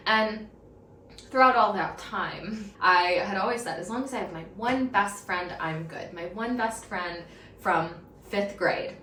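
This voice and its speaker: A young woman hosting a podcast, telling a personal story in a candid, emotional way. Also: fairly high pitch. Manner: candid, emotional, animated retelling. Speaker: podcast host. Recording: roomy echo, slightly distant mic, faint background noise.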